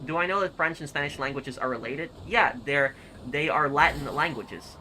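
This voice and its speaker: A man streaming and reading comments aloud in casual chat, halting and repeating words as he goes. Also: fairly high pitch, pushed and bright, a little hiss or hum, rough recording.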